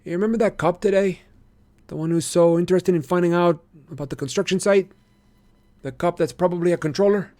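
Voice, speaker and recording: A man voicing a sarcastic, wary teenage boy with a sharp, needling manner, in an audiobook-style reading. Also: high voice, a little fast, pitched above the performer's own voice, lightly acted. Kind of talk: reading a novel aloud on a stream.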